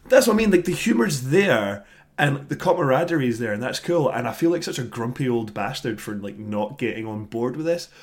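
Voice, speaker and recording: A man's voice: medium pitch, fairly quick. A man in his thirties co-hosting a podcast, ranting casually about an album he disliked and swearing freely. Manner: grumbling, animated rants, swears freely. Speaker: podcast co-host. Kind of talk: casual album review chat.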